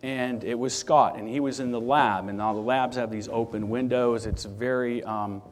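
A man preaching in a loose, conversational storytelling way, often restarting and filling pauses. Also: medium pitch, fairly even intonation. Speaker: church speaker. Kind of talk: sermon with personal testimony.

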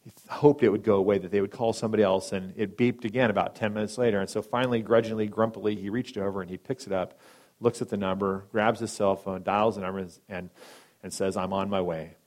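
A man preaching a sermon and telling a story, dramatic, swinging between loud emphatic lines and hushed soft ones, briefly acting out the people in it. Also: fairly low pitch, fairly even intonation, quick pace. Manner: acts out quoted speakers in brief voices.

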